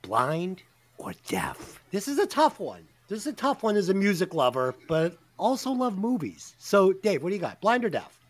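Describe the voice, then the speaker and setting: Guy hosting a podcast, high and swoopy, cursing and laughing a lot. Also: moderate pace. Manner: animated, profane, laughing often. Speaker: podcast host. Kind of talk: casual podcast banter.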